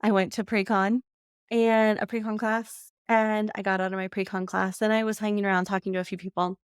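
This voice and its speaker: A woman's voice: mid-range voice, level tone, a little fast, clear, resonant tone, no room sound. Woman podcast host, open and emotional storyteller, laughs a lot, dry close sound. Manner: candid, emotional, laughs often while telling. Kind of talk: personal storytelling monologue.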